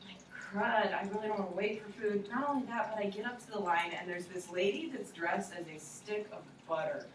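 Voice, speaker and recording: A young woman teacher telling a playful, animated story to a class of children, recorded from far away in an echoey classroom. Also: medium pitch, a little fast, hardly any pauses, slight background noise. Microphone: distant recorder.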